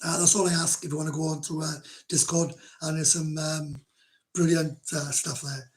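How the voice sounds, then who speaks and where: A man's voice: fairly high pitch, flat delivery, normal speed. A middle-aged Welsh man hosting a casual livestream, chatting to viewers in a blunt, rambling way, swearing freely and laughing often. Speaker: livestream host. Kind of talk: casual livestream chat, reading comments.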